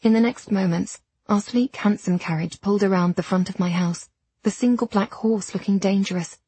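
Audiobook narrator, woman, breathy mid-range voice, dry close studio sound. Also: medium pitch, moderate pace, dry recording. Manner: steady storytelling with period diction. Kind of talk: scripted first-person narration.

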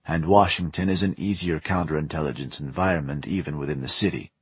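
A condescending, petulant female sleeper agent in a spy audiobook, voiced by a male narrator. The voice is very low and husky, recorded dry and close. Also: fast talker, no room sound, heavily acted. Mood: cool.

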